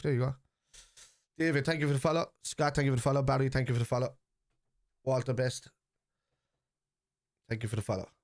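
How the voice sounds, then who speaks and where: Excitable man with a Cork accent. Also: mid-range voice, normal speed, pauses often, dry recording, clean studio sound. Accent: Cork Irish. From Ireland. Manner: excitable, shouts at the referee and players. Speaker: football watchalong streamer. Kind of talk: live match reaction chat.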